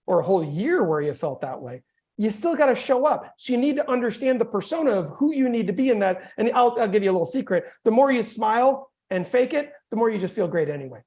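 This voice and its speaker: Male sales coach, jokey and high-energy, chatty delivery, teaching over a video call. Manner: energetic, joking, conversational. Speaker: real estate coach.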